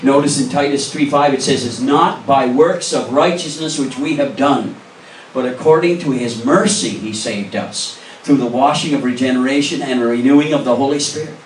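A pastor delivers an earnest, emphatic sermon, pressing the congregation with pointed questions in a mid-range male voice at normal speed. Picked up from a distance in an echoing church sanctuary, the audio carries a little hiss or hum.

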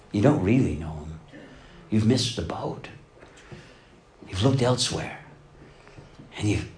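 A middle-aged pastor preaching a sermon, dropping to hushed lines and then swelling to loud, emphatic passages. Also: male voice, on the low side.

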